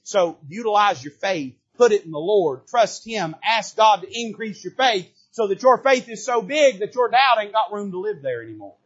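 Husky preacher in full swing. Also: male voice, animated, normal speed, hardly any pauses, lo-fi sound. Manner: preaching with big swings in pitch and loudness, rising to shouts. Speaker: pastor. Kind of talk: sermon. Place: church sanctuary.

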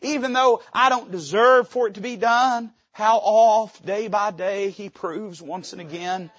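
A man's voice: high-pitched, no echo, dull audio. A man preaching a fervent, folksy sermon from a church pulpit, his volume swelling and dropping suddenly. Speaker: pastor.

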